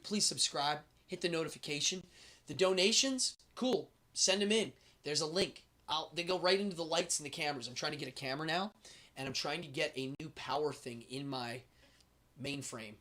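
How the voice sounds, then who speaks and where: Middle-aged male streamer, excitable and chatty, bright ringing tone. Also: fairly high pitch. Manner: enthusiastic, rambling, reads chat aloud. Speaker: host. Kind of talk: casual live-stream chat.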